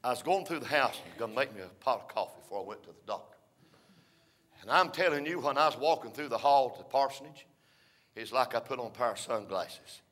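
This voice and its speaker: An older man preaching a folksy storytelling sermon, rising to shouts between drawn-out "uh" phrases. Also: mid-range voice, lively intonation.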